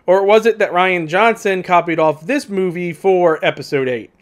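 A man's voice: sits high, steady tone, moderate pace. A man reviewing a movie in casual commentary, with a sarcastic, mocking manner.

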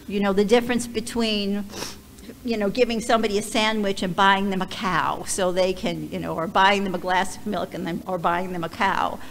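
A woman speaking as a visiting ministry leader in a heartfelt church talk, earnest and emotional, pausing often and restarting her sentences. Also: medium pitch, a little hiss or hum. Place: church sanctuary. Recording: reverberant hall, faint background ambience.

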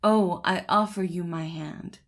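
A woman voicing a vain, boastful male shirt collar in a storybook, speaking with pompous, gushing flattery. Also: on the low side, a little slow, lightly acted.

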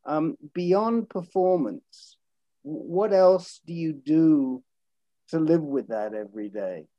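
A man hosting a video call interview, speaking haltingly with stuttered repeats. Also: fairly high pitch, lively intonation, no room sound, muffled recording. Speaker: host.

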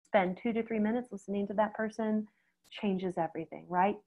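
A middle-aged woman, a veterinarian, giving a conversational webinar talk, lively and speaking straight to her audience. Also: mid-range voice, normal speed, rough recording. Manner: lively, acts out quoted reactions, addresses audience directly.

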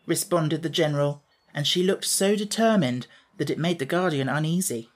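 A man narrating a classic children's fantasy audiobook in a steady, measured storytelling manner. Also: on the high side. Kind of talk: scripted narration.

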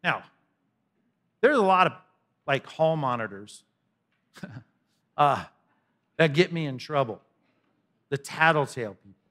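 A man's voice: a little high, expressive, takes it slowly, pauses often, a bit bright. A man preaching a sermon in a conversational style, with humorous asides. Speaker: pastor.

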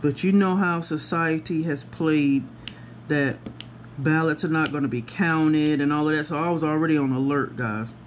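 A woman chatting to viewers about her day while she works on a craft project, animated and talking straight to the camera. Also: moderate pace, slight background noise. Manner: acts out other people's voices with big pitch jumps. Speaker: craft vlogger. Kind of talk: casual storytelling while crafting.

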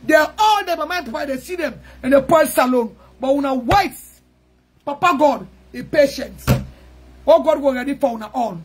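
A woman with a Sierra Leonean Krio accent giving a rousing political speech to supporters, fiery and chanting slogans, often shouting. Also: sits high, expressive, normal speed, noisy background. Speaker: political activist addressing supporters.

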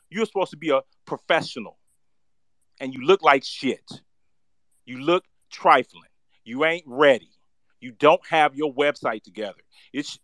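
A man's voice: medium pitch, a bit bright, dry recording. A man from Oakland, California, giving a heated, profane callout to a candidate on a livestream panel. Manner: angry, profane, ranting. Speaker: panel speaker addressing a candidate.

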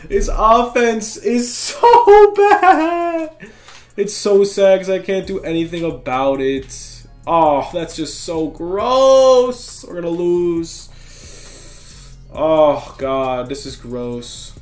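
Young guy yelling and groaning thru his gameplay, kinda high voice, slangy, music going faintly behind. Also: takes it slowly. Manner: frustrated, excitable running commentary with slang. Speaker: gaming YouTuber. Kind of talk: live gameplay commentary.

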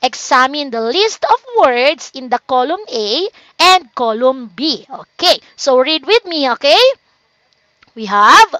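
A woman with a Filipino accent teaching a children's phonics lesson online in a slow, coaxing teacher voice. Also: high-pitched, lively intonation, pushed and bright, dry recording. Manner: slow, coaxing teacher talk, reading out learners' names. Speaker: online tutor.

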